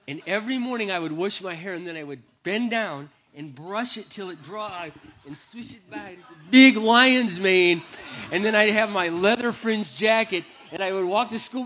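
A man's voice: high voice, pushed and bright. A man giving a humorous, self-deprecating personal testimony to an audience, speaking into a microphone. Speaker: Christian speaker.

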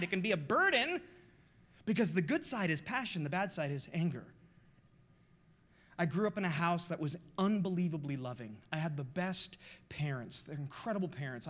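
A man's voice: on the high side, fairly bright tone. A pastor in his forties preaching a sermon in a passionate, confessional, emphatic way.

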